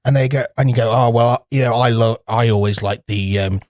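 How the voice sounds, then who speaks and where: A man's voice: mid-range voice, steady tone, brisk, darkish tone, no echo, studio quality. A man co-hosting a podcast in casual chat, rambling through anecdotes, swearing freely and acting out little voices. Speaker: podcast co-host.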